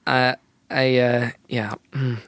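A man's voice: medium pitch, level tone, takes it slowly, a bit bright, no echo. A young adult man co-hosting a podcast, chatting casually and joking playfully with frequent laughs. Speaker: podcast co-host. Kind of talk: casual chat.

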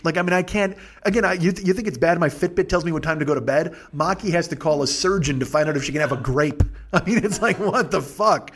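A man's voice: a little high, quick pace, few pauses, a bit bright. A man hosting a podcast, telling a rambling, profane comic story and laughing as he goes. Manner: profane, digressive, laughs through his stories. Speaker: podcast host.

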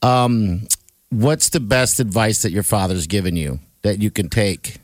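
Brisk male radio host. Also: fairly low pitch, no echo, clean studio sound. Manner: brisk, runs the calls. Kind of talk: morning radio banter.

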